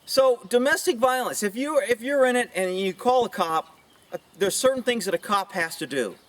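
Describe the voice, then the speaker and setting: This middle-aged policeman speaks at normal speed with lively intonation, giving opinionated, blunt views to camera in a casual outdoor monologue near some chickens. He rambles into asides and mimics quoted women in high mocking voices, his voice somewhat distant from the mic.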